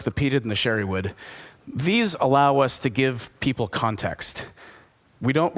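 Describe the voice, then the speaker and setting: A man giving a conversational conference presentation, enthusiastic and asking his audience questions. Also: mid-range voice. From United States. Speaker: distillery speaker at a whisky forum.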